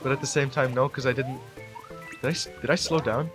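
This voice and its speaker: A young man in his late teens giving rambling let's play commentary into a desk mic, breaking into sudden excited yelps. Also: medium pitch, brisk, over music. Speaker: gamer.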